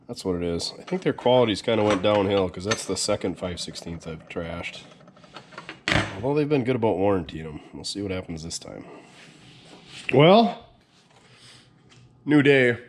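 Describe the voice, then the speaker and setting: A man's voice: fairly low pitch, very animated, moderate pace, long pauses, background noise. A man hosting a truck build video, chatting casually and joking with viewers as he works. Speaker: mechanic and video host.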